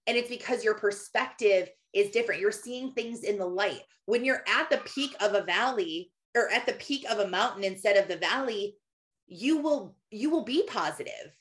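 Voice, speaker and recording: A woman in her thirties talking about faith in a relaxed, chatty storytelling way. She fills her speech with casual fillers, and her voice sits in a mid-range pitch. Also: normal speed. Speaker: Christian speaker. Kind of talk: personal faith talk.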